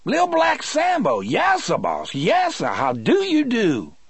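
A shrill, jeering young prisoner. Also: male voice, huge pitch swings, slow, vocal fry, breathy edge, no echo, exaggerated voice. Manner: shrill, mocking, shouting. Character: cackling, jeering young male prisoner, unhinged.

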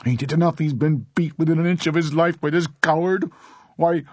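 A man voicing a shrill, furious mother who screeches accusations in an audiobook. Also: fairly even intonation, a little fast, slightly rough, no echo, dull audio. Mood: shrill outrage. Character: shrill furious Irish-style mother defending her son. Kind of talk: audiobook character voice.

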